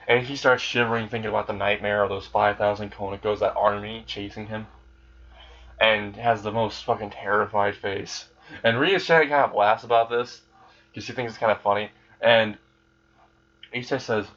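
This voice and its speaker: A man's voice: lowish voice, fairly even intonation, normal speed, a bit bright, lo-fi sound. Rambling man retelling a fan story. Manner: rambling, swears casually.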